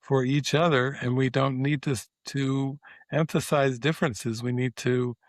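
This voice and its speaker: An older man, a spiritual teacher, talking as a guest in a relaxed interview, meandering and reflective with many pauses and fillers. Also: mid-range voice, dry recording. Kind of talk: casual interview talk.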